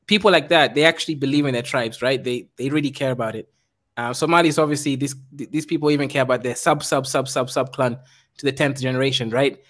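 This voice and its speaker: A man's voice: mid-range voice, fast, fairly bright tone. A man leading a casual discussion, quizzing the others with wry questions.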